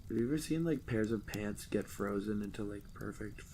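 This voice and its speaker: A man's voice: on the low side, fairly quick, dark tone, slight background noise. A young man co-hosting a podcast, rambling and joking in casual chat with lots of fillers. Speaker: podcast co-host.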